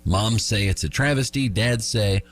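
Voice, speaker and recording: Husky-voiced man hosting joking radio chat. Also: lowish voice, moderate pace. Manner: joking, chuckles at his own lines. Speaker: radio show host. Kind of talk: morning radio chat and news.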